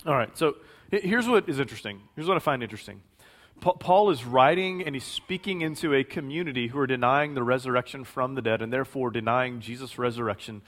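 Man, 40s, mid-pitched; pastor preaching in a relaxed conversational way with frequent restarts. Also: fast. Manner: conversational, repeats words and self-corrects, varies volume for emphasis. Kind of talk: sermon.

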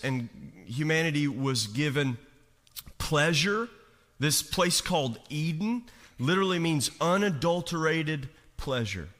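Pastor, male, higher-pitched, conversational sermon delivery, acts out quotes, church hall reverb. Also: a bit bright. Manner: conversational preaching with rhetorical questions. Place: church sanctuary.

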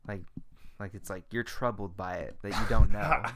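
A man's voice: on the low side, moderate pace, a loud crowd. A young man co-hosting a casual podcast chat, laughing, joking and swearing freely. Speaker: podcast co-host.

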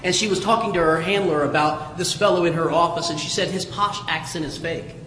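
A middle-aged man from Southwest Ohio delivers a sermon, his voice sitting high for a man. He talks in a loose, conversational way and tells stories with a chuckle. The sound rings out with a long reverb, as if recorded in a large church. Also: a little fast, pushed and bright, a little hiss or hum. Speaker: pastor. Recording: echoey hall with reverb.

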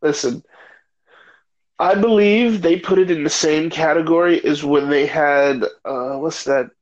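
A man's voice: fairly high pitch, a little slow, dull audio. An American man hosting a casual gaming chat, joking and hyped though tired late at night. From United States. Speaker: podcast host.

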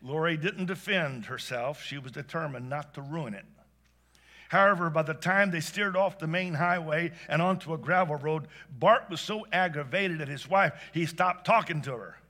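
A man telling a heartfelt story aloud, animated and swinging between hushed and excited delivery. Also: fairly high pitch, moderate pace. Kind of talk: expressive spoken storytelling.

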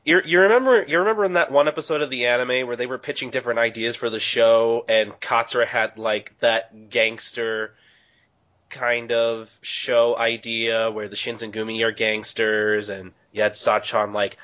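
A young man co-hosting a casual podcast, recapping a manga with excited, restarting talk. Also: medium pitch, normal speed, lo-fi sound. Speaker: podcast co-host.

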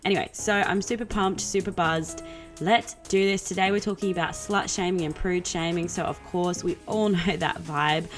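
A 22-year-old woman with an Australian accent hosting her own podcast, talking in a chaotic, excitable way, swearing freely and slipping into silly voices. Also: lowish voice, moderate pace, faint music behind. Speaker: podcast host and comedian. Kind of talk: casual chat.

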